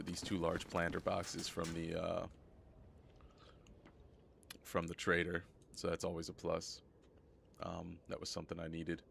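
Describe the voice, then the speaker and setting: A hoarse, sick young man streaming live gameplay, chatting casually and rambling, often repeating himself. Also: deep voice, fairly bright tone, a little hiss or hum. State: hoarse from a cold.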